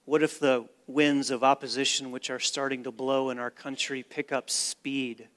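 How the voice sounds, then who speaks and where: A man preaching a sermon as pastor, with dramatic swings from hushed to loud and emphatic delivery. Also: mid-range voice, level tone, moderate pace. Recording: long reverb of a large hall.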